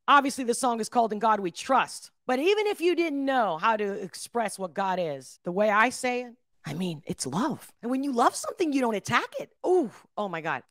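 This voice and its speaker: Animated woman reacting to a song. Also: on the high side, no room sound, studio quality. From Philadelphia. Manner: animated, talks straight to viewers, swings from loud to hushed. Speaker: reaction video host. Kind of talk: casual reaction commentary.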